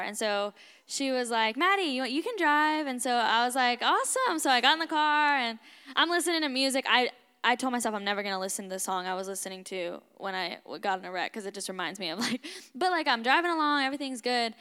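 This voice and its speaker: A young woman in college telling a personal story in an animated, emphatic way, laughing often as a guest on a talk show. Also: a little high, clear, resonant tone, big-room sound. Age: young adult. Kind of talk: casual storytelling.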